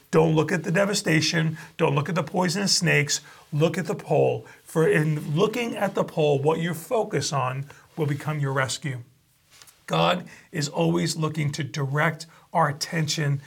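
A man preaching a sermon, reading scripture aloud and retelling it with lively asides. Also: fairly high pitch, gravelly, breathy edge. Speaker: pastor.

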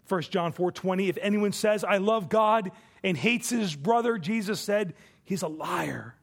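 A man preaching a sermon from the pulpit, emphatic, his voice swelling for quoted scripture and dropping low and soft on key points. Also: measured pace, gravelly. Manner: emphatic preaching, rising and falling in volume. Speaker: pastor.

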